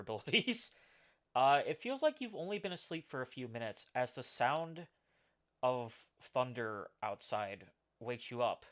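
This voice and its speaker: A man's voice: mid-range voice, a bit bright. A man narrating as game master of a tabletop game, describing scenes with frequent "uh" and "like.".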